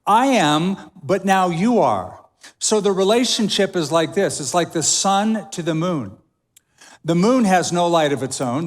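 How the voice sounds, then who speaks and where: A man preaching a sermon as pastor, emphatic, with dramatic pauses, in a large church auditorium. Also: a little high. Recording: long hall reverb.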